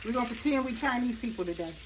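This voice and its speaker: A fairly high-voiced woman chats and laughs her way through a home cooking demo. She sounds set back from the mic, and loud frying and sizzling runs under her voice. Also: animated, rapid-fire, distant mic, heavy background noise. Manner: chatty, folksy, talks while cooking, laughs often. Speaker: cooking channel host. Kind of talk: casual cooking demonstration. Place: home kitchen at a hot stove.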